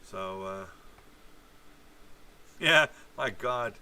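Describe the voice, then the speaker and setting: Host, male, low voice, meandering livestream commentary with sardonic asides, faint hum behind. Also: animated, extremely slow, pushed and bright. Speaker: channel host. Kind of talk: rambling political commentary livestream.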